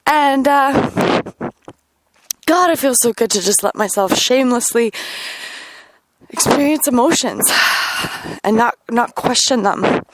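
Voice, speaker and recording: Solo podcast host, woman, high voice; raw, sweary, swings from loud to hushed. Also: expressive, takes it slowly, long pauses, a little hiss or hum. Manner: emotional, profane, swings between loud outbursts and quiet murmurs. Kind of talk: candid personal monologue.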